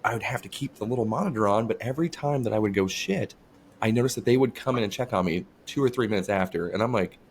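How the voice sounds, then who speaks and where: A man's voice: fairly low pitch, quick pace, slight background noise. A man co-hosting a podcast, telling crude stories with lots of swearing and laughter. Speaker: podcast co-host. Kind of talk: casual storytelling chat.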